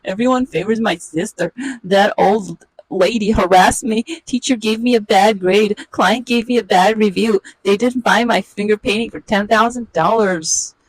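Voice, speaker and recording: A woman's voice: medium pitch, moderate pace, no room sound, lightly acted, low-quality recording. A woman voicing her whiny, self-pitying grown brother, complaining in a put-on voice. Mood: whining. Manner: complaining, whining.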